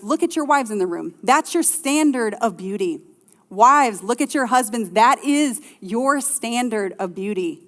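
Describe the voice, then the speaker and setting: Lively woman preaching in a hall. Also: fairly high pitch. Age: middle-aged. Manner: lively, conversational preaching with playful asides. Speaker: pastor. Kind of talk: sermon.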